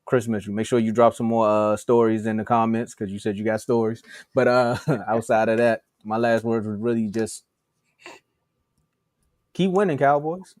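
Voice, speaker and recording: A man's voice: fairly low pitch, moderate pace, no room sound. Man, sports podcast co-host, casual banter, laughs a lot, dry close sound. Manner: animated, laughs between jokes; rattles off shout-outs.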